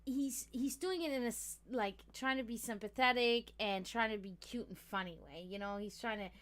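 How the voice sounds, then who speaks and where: A woman's voice: fairly high pitch, normal speed, a bit bright. A woman hosting a casual livestream, rambling freely, swearing a lot and laughing often as she talks. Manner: chatty, profane, laughs often. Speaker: livestream host.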